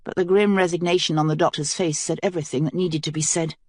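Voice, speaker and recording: A woman narrating a fantasy audiobook in a measured, even storytelling manner. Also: low voice, dry recording.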